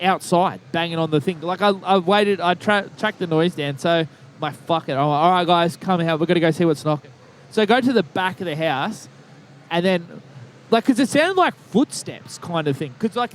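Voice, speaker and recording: A high-voiced man tells loose, rambling stories on a casual podcast. He swears freely and laughs at his own tales. A faint hiss of noise sits under the voice. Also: lively intonation, moderate pace. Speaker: podcast co-host. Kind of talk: casual storytelling chat.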